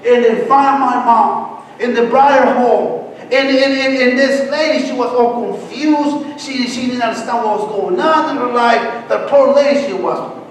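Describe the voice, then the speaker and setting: A man sharing a personal testimony in church, talking haltingly and repeating words as he searches for them. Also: very high voice, a little hiss or hum. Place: church sanctuary. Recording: echoey hall, distant mic, faint music.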